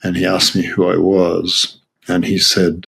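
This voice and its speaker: An older man with an Australian accent telling stories in an interview, halting with many restarts and frequent laughs. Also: sits low, completely flat delivery, gravelly, a bit bright, slightly rough. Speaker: Zen teacher. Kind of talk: reflective interview storytelling.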